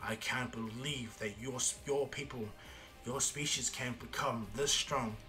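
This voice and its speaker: A man's voice: medium pitch, steady tone, measured pace, sharp tone, faint music behind. A man voicing a cocky male god of destruction in a casual fan story retelling, speaking in a laid-back, boastful way. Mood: amused.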